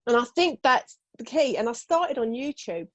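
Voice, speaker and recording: A woman chats as a podcast guest in a fairly high voice. She is blunt and lively, laughs easily and slips into quoted voices. The sound is dry and close. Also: normal speed, no echo, dull audio. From United Kingdom. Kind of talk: casual podcast chat.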